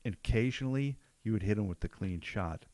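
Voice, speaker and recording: A man's voice: on the low side, brisk, a little mellow, no echo. A man hosting a podcast as a jiu-jitsu black belt, talking casually and often checking in with "right?".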